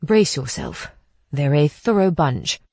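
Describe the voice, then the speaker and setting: A woman's voice: low voice, big pitch swings, slow pace, a little mellow, no room sound, heavily acted. A woman narrator voicing an easygoing older man with a cane in an audiobook.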